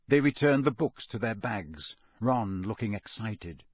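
A man narrating a novel aloud in a measured, expressive storytelling manner. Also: on the low side, breathy edge, no room sound. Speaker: audiobook narrator. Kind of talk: scripted narration.

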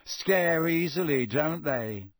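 Man doing a sneering teen boy, slow lazy drawl, mocking, slightly raised voice, storybook reading. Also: fairly high pitch, expressive, a bit bright, no echo, studio quality.

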